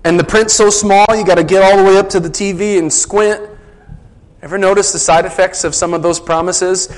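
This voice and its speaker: High-voiced man preaching conversationally. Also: steady tone, a little fast, poor audio. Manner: conversational preaching with rhetorical questions. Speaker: pastor. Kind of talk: sermon.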